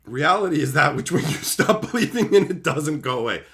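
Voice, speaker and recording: A man's voice: fairly high pitch, very animated, a little fast, vocal fry. Profane man ranting on a livestream. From Canada. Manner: profane, heated ranting with shouted outbursts; mocking, sarcastic. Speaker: livestream host.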